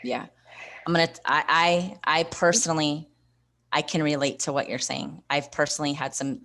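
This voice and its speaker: Low gravelly woman coaching live online. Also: fairly bright tone. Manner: encouraging, coaching, reads viewer comments aloud. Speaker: host and investing coach. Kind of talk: live online training session.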